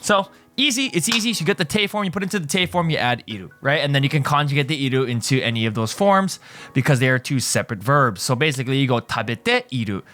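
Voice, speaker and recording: A man's voice: medium pitch, animated, fast talker, fairly bright tone, faint music behind. Casual man teaching a video lesson. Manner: explains in loose restarts, tags with right?. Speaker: language teacher.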